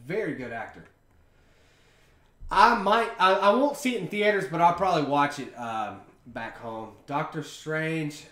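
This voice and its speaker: A man's voice: on the high side, animated, unhurried, a bit bright. A young man hosting a podcast, chatting in a rambling, offhand way over a beer. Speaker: podcast host. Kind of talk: casual chat. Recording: roomy echo.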